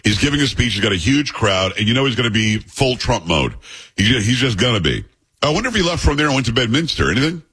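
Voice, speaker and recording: A man's voice: mid-range voice, very animated, quick pace, fairly bright tone, slightly rough. A man hosting a talk radio show, teasing his co-hosts and rambling with jokes. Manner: teasing, jokey, rambling with fillers. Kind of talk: casual talk radio banter.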